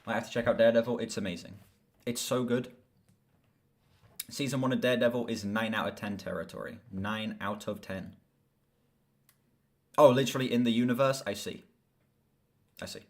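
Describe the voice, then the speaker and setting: This young man chats on his live stream in a mid-pitched voice, casual and rambling. He gets excitable and swears freely as he talks about films. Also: fairly quick, pauses often. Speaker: streamer and movie reviewer.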